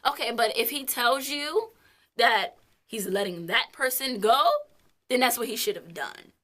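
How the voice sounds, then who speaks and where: Young woman, bright higher voice, blunt storyteller who swears and laughs a lot. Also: lively intonation, a little slow. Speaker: co-host of a couple's vlog. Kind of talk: casual storytelling chat.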